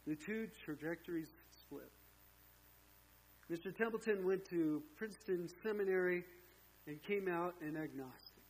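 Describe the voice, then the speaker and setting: A man delivering a sermon, recounting a story to his congregation and dropping in offhand asides. His voice sits a little high for a man. It has a husky, breathy edge. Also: unhurried, poor audio. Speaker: pastor.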